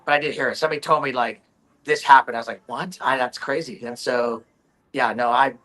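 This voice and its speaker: Man, bright voice, rambling repetitive storyteller, slightly hoarse. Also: medium pitch, fast, rough recording. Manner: repeats himself, restarts often. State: voice recovering from hoarseness. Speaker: volleyball guest. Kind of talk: casual chat.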